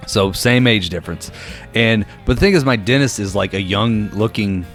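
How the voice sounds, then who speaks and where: With a somewhat low voice and a normal pace, a young podcast co-host shares a laid-back story full of fillers. He's a spirited narrator who acts out voices, and a faint guitar plays behind him.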